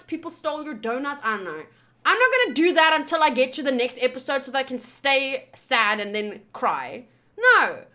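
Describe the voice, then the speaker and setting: A woman's voice: sits high, sharp tone. A woman streamer talking casually and rambling, swearing freely as she chats to viewers. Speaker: anime reaction streamer. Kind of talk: casual livestream chat.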